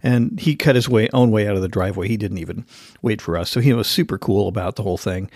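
A man hosting a podcast, telling a story in an animated, casual way and acting out the voices of the people in it. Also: lowish voice, fast, no echo, clean studio sound. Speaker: podcast host.

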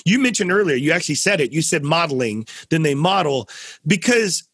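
Husky, animated male podcast host. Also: fairly quick, dry recording, studio quality. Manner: animated storyteller, acts out quotes with big pitch swings. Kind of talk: casual conversational interview.

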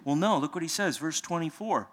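A man's voice: on the high side, a little fast, a bit bright. A man preaching a sermon in a church, explaining scripture in a conversational way with plain paraphrased asides. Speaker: pastor. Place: church sanctuary. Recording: long hall reverb.

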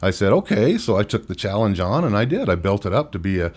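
A middle-aged man, an interview guest, frankly telling a personal story in a halting way, with wry chuckles. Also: fairly low pitch, lively intonation, darkish tone. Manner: frank, halting, chuckles wryly through hard memories.

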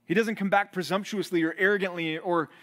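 Animated preacher with a higher-pitched voice. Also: male voice, a little fast. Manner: animated, acts out quoted voices. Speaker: pastor. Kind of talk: sermon.

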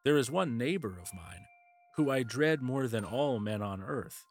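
A man reading aloud, voicing a scheming older male king in a storybook, speaking in a gentle, persuasive way. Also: medium pitch, expressive, unhurried. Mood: confiding.

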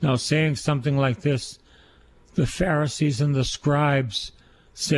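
A man's voice: on the high side, steady tone, slow, a little hiss or hum. A man, a priest, giving an earnest sermon on scripture and repeating key phrases for emphasis.

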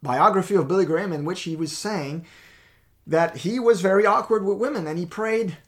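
Animated man giving a faith talk. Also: high voice, normal speed. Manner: animated, emphatic, restarts words often. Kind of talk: faith talk with personal stories.

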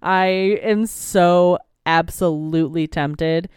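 A woman's voice: low-pitched, slow, darkish tone, clean tone, no room sound, clean studio sound. A young woman co-hosting a podcast in casual chat, rambling and playful with lots of fillers. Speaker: podcast co-host. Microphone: desk microphone.

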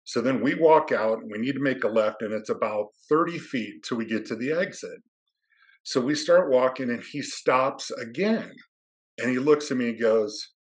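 A man's voice: medium pitch, moderate pace. A man, an athletic administrator, telling a story in a dry, understated way as a podcast guest.

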